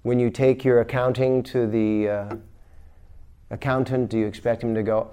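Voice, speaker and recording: Male spiritual teacher, lecture delivery, mid-range voice, dynamic storyteller with loud bursts. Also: mid-range voice, level tone, moderate pace, clear, resonant tone. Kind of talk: recorded lecture.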